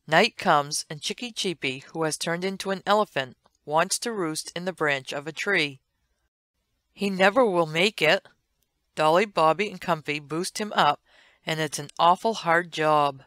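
A woman narrating an old comic strip as a read-along storybook, with a gentle, sing-song delivery and playful asides. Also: low voice, normal speed, no echo, clean studio sound.

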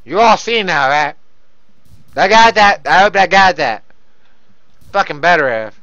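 A man commentating his own gameplay, loud and profane, often yelling into a close desk mic. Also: high-pitched, expressive, a little slow, no echo, highs cut off.

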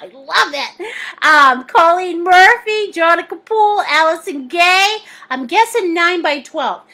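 A woman's voice: very high-pitched, animated, unhurried, sharp tone. A middle-aged woman hosting a live painting class, bubbly and laughing often as she reads out viewers' comments and calls them sweetie and honey. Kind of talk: live-stream chat, reading viewer comments aloud.

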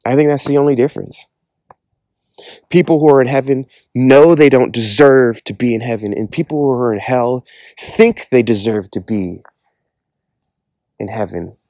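A man speaks in a mellow, warm voice, recorded dry and close with no room sound. He delivers an earnest personal testimony in a loose, conversational way, leaning on casual fillers as he talks. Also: mid-range voice, normal speed, pauses often, no room sound. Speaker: Christian speaker giving a testimony.

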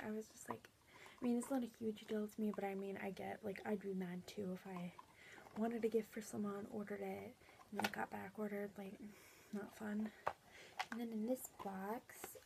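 Chatty young woman with gravelly voice. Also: medium pitch, noisy background. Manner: chatty, rambling with many fillers. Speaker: vlogger. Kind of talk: casual haul vlog.

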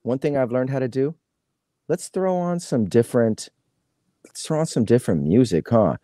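A man's voice: mid-range voice, expressive, moderate pace, warm tone, no echo, studio quality. A laid-back man hosting a live card box break, chatting casually in slang. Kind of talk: casual live-stream chat.

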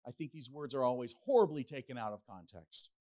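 A middle-aged man preaching a sermon as pastor, animated and playful, slipping into acted asides. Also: medium pitch, brisk.

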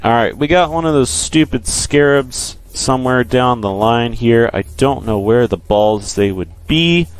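A man's voice: medium pitch, expressive, a little slow, few pauses. A man giving joking, profane commentary while playing a video game, repeating his jokes. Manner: goofy, profane, repetitive. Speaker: let's play host.

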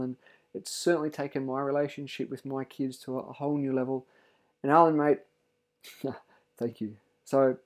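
A man's voice: mid-range voice, a little mellow. A middle-aged man, giving an earnest, heartfelt parent's testimonial in a casual way and often restarting his sentences.

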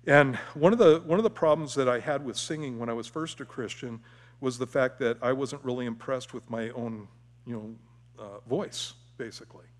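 A male pastor preaching a sermon in a church sanctuary, telling stories in a humorous, conversational way. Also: medium pitch. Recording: long church reverb.

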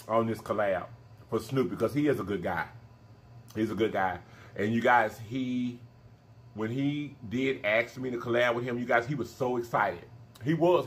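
A man hosting a mukbang vlog, talking straight to his viewers in an animated, emphatic way and repeating his phrases for effect. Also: medium pitch. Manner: emphatic, preachy encouragement. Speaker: mukbang channel host. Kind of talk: casual vlog sign-off talk.

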